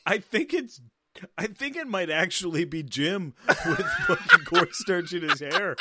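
Casting note: amused, foul-mouthed guy, animated delivery, dry close sound. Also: high voice, measured pace, husky, dry recording. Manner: profane, amused, lively. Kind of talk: casual chat reviewing a movie.

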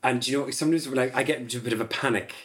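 A man chatting as a podcast guest, animated and swearing freely, acting out other people as he tells stories. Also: medium pitch, very fast. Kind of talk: casual chat.

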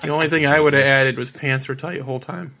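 Gravelly man with dry remarks. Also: medium pitch, fairly even intonation, fast, sharp tone. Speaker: podcast co-host. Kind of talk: casual comedic podcast chat.

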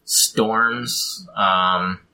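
A man's voice: on the low side, fairly even intonation, extremely slow, pushed and bright, low-quality recording. A man in casual chat, explaining how to build a fantasy pantheon, rambling with frequent ums. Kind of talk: casual chat about tabletop game design.

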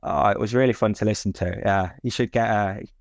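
Low-voiced man, dry joking chat. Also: steady tone, a little fast, dry recording. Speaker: podcast co-host. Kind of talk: casual chat.

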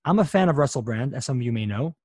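A man's voice: mid-range voice, expressive, fast talker, dark tone, husky, no room sound, clean studio sound. A man hosting a podcast, reading an upbeat, chatty intro and then talking with a guest. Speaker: podcast host.

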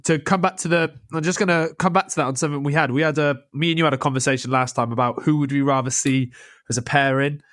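A young man, co-hosting a casual football podcast, animated and swearing freely. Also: a little high, quick pace, no room sound, studio quality. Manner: animated, swears, laughs often. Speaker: podcast co-host.

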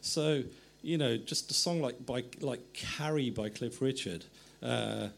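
A man's voice: medium pitch, unhurried, vocal fry. A middle-aged man, an author guest, telling anecdotes in a meandering way, often stopping to correct himself. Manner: meandering, self-correcting storytelling. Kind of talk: anecdotal conversation.

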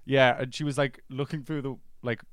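A man's voice: mid-range voice, fairly even intonation, brisk, no echo, clean studio sound. A man co-hosting a podcast in casual chat, talkative, laughing and swearing freely. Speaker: podcast co-host.

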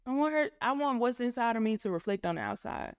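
A young woman, a guest on a faith podcast, speaking reflectively and often pausing to find her words. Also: a little high, expressive, smooth, no room sound, studio quality. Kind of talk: casual faith podcast chat.

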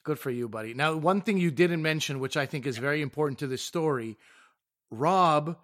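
A man's voice: fairly high pitch, moderate pace, fairly bright tone, no room sound, clean studio sound. A man co-hosting a podcast in casual chat, teasing and joking with his partner. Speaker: podcast co-host.

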